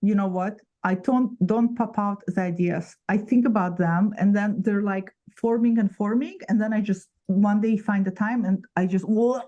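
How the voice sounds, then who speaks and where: A woman's voice: medium pitch, normal speed, hardly any pauses, dark tone, dull audio. A woman chatting casually on a video call, reading out viewer comments and joking. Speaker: co-host.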